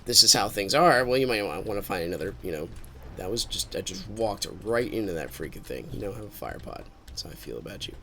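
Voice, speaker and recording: A man's voice: low-pitched, expressive, quick pace, a little hiss or hum. A man streaming a game with casual commentary, rambling and thinking aloud as he drifts into musings.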